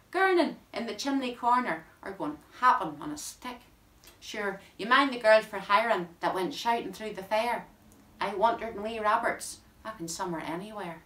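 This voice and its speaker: A woman's voice: medium pitch, fairly bright tone. A woman with a Northern Irish accent reads a dialect poem in the voice of a rueful, greying bachelor farmer, in broad rural speech. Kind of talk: poetry reading in dialect. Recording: roomy sound from a distant mic.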